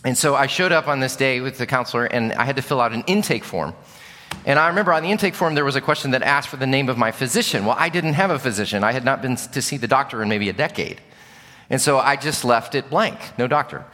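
A man's voice: mid-range voice, animated, fast talker, pushed and bright. Man preaching in a large hall. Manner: earnest storytelling, candid and reflective. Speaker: pastor. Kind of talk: sermon. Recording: long reverb of a large hall.

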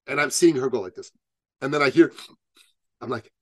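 A man guesting on a podcast, telling a story with lots of animation and slipping into the voices of the people in it. His voice sits at a middle pitch, and the sound is dry and close with no room in it. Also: normal speed, dry recording. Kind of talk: storytelling in an interview.

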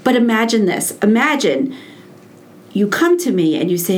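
A middle-aged woman who works as an early childhood educator, telling stories in conversation and acting out quoted dialogue with lively repetition. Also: mid-range voice, moderate pace. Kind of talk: animated conversational storytelling.

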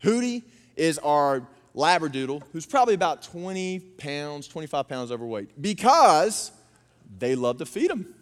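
A man, preaching a sermon and telling family stories with animated impressions. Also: fairly high pitch, normal speed. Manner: animated storytelling, acting out his daughters' voices. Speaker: pastor. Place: church auditorium. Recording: long reverb of a church hall.

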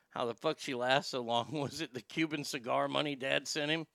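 A man's voice: medium pitch, steady tone, normal speed, vocal fry, hardly any pauses, a bit bright, dry recording. A man hosting a comedy show, delivering a crude, rambling monologue. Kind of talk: stand-up style comic monologue.

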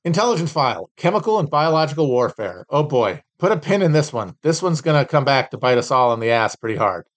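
A man's voice: medium pitch, very animated, fast talker. A man hosting a solo podcast, reading out trading cards and mocking them with sardonic, profane, rambling asides. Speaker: podcast host.

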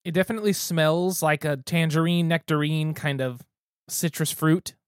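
A man's voice: fairly high pitch, fairly even intonation, moderate pace, clear, resonant tone, no room sound, clean studio sound. A man hosting a casual podcast, talking in an easygoing, descriptive, good-humored way. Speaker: podcast host.

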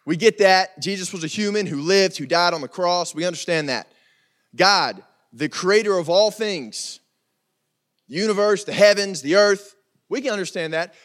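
A man's voice: high-pitched, normal speed, fairly bright tone. A young man preaching a casual youth sermon, joking and talking straight to the crowd in a church room. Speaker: youth pastor.

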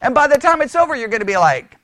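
Animated, high-voiced Bible teacher. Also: fast talker, dry recording, clean studio sound. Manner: animated, exasperated, mocks opponents in raised voices. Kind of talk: conversational sermon.

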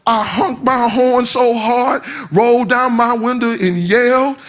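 Very high-voiced shouting preacher man. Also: steady tone, unhurried. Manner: shouting, half-sung preaching with rising pitch. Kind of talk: sermon.

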